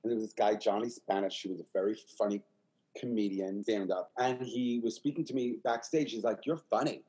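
A man, a guest telling stories about his life in an interview, animated and repetitive, acting out the voices of the people he quotes. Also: lowish voice, brisk, low-quality recording. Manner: animated, repeats himself, acts out quoted voices. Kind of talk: candid interview storytelling.

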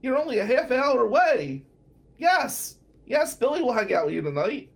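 A man's voice: very high-pitched, very animated, moderate pace, creaky, voice pushed up, heavily acted. Man putting on a fussy older aunt, sweet and coaxing, sing-song. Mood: doting.

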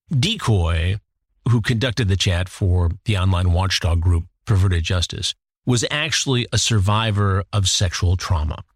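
A man's voice: low-pitched, no room sound, clean studio sound. A man hosting a commentary show, retelling a case in an indignant, worked-up way. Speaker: host. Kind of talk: commentary podcast.

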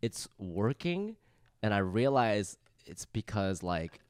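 A man in his thirties chatting on a comedy podcast, telling a story full of fillers and jumping into loud impressions of other people. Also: fairly low pitch, very animated, slow pace, smooth, dry recording, studio quality. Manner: rambling storyteller with many fillers, swings into loud mimicry. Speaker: stand-up comedian. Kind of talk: casual podcast chat.

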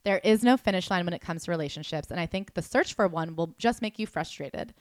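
A woman co-hosting a podcast in casual chat, jokey and animated, often reading quotes aloud. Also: fairly low pitch, fast talker, no room sound. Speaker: podcast co-host.

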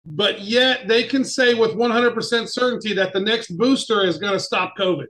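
A man's voice: high-pitched, normal speed, a bit bright, rough recording. A man co-hosting a podcast, chatting casually and rambling with many fillers. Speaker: podcast co-host. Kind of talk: casual chat.

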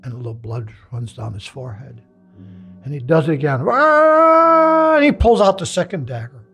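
An older man tells his stories in an interview, his gravelly voice rising and falling with feeling. He slips into other people's voices and gets openly emotional as he talks. Faint music plays beneath him. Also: mid-range voice, brisk. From United States. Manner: animated storyteller, acts out voices, gets emotional. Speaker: hypnotist, interviewee.

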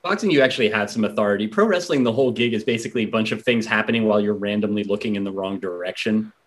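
Fast-talking podcast co-host man. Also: fairly low pitch. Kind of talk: casual podcast chat.

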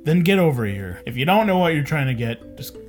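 A woman playing a tabletop game, blunt and bossy with quick jokes. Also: sits low, very animated, faint music behind. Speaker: player. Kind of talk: casual tabletop role-play.

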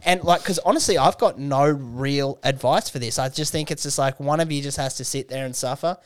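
A man's voice: medium pitch, a little fast, smooth. A man, co-hosting a comedy podcast in casual chat, cracking crude and blunt jokes.

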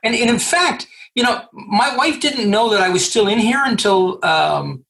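A middle-aged man from Canada, a guest in an interview, telling a story in an animated way, laughing and acting out the voices he quotes. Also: high-pitched, normal speed, vocal fry, rough recording. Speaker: guest, recruiter. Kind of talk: storytelling in a conversation.

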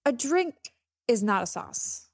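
Animated young woman podcast co-host. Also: a little high, no echo, clean studio sound. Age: young adult. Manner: animated, quick to laugh, emphatic. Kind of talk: casual chat.

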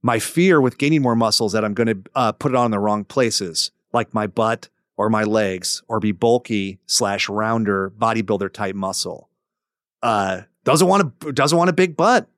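A man hosting a podcast, reading a listener letter aloud with relaxed, joking asides. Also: on the low side, normal speed, no room sound, studio quality. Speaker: podcast host.

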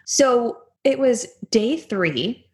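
Female guest, casual chatty storyteller, animated and dramatic, acts out the dialogue she quotes. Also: a little high, very slow. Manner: animated, chatty, leans heavily on "like". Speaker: guest telling a personal story.

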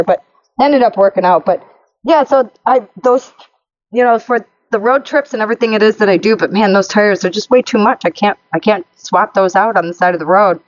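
A woman's voice: mid-range voice, no room sound, lo-fi sound. A woman co-hosting a casual chat show, telling road stories with lots of laughter. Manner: lively storyteller, laughs often. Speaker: podcast co-host.

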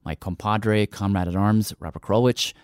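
A man's voice: lowish voice, steady tone, smooth, no room sound, clean studio sound. A man hosting a radio show, talking in a loose, conversational way with fillers and restarts. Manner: warm, halting with fillers and restarts. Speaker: host.

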